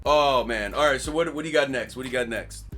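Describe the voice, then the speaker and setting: A man's voice: mid-range voice, fast talker, a bit bright, faint music behind. A man co-hosting a comedy podcast, chatting loosely and joking with lots of fillers and restarts. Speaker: podcast co-host. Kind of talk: casual comedic chat.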